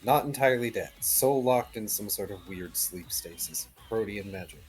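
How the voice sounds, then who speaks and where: A man narrating his own character's actions in a tabletop game in a measured, dry way. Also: lowish voice, a little mellow, faint music behind. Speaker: player.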